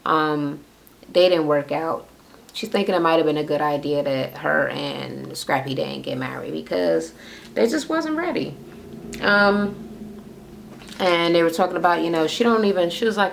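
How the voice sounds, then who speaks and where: A woman's voice: deep voice, lively intonation, moderate pace, creaky, a little hiss or hum. A woman recapping a reality show in casual, profane chatter, blunt and sarcastic as she talks to camera. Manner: blunt and sarcastic, with frequent swearing.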